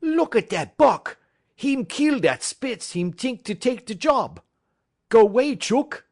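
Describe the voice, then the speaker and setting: Guy doing a loud rough french-accented dog driver, pitched way up, swings all over, dry close sound. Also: very animated, takes it slowly, dry recording, exaggerated voice. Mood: gleeful shouting. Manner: boisterous, heavy dialect, shouting exclamations. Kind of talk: audiobook character voice.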